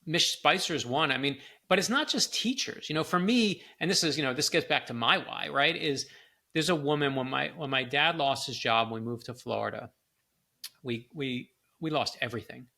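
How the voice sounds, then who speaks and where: A middle-aged man with a bright, gravelly voice tells personal stories as a guest. He acts out the quoted people with lively shifts in his delivery. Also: mid-range voice, normal speed. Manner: animated storyteller, acts out quoted lines. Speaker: author and guest. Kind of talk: storytelling in a conversation.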